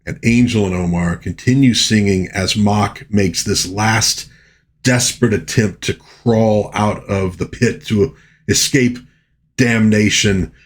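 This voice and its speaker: A middle-aged man reviewing a film in an excited, casual way, full of slang as he recounts scenes. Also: lowish voice, slow. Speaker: movie reviewer.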